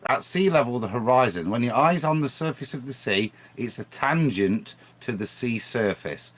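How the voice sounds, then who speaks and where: Animated man arguing a point. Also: mid-range voice, moderate pace. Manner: animated, argumentative, restarts phrases. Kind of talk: casual livestream discussion.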